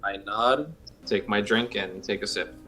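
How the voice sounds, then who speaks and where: A man's voice: lowish voice, unhurried, pushed and bright, soft background music, rough recording. A man playing a tabletop game, describing his moves hesitantly with restarts. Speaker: player.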